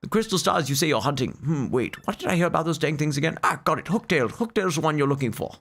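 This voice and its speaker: A man voicing a grumpy, frightened old turtle man with a cranky, excitable delivery. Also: a little high, fast talker, gravelly, heavily acted.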